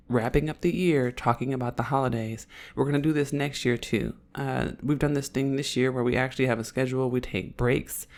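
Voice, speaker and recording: Hoarse, raspy Oakland woman, teasing. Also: extremely low pitch, a little mellow. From Oakland, California. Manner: playful, teasing, blunt. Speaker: podcast co-host. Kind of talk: casual podcast banter.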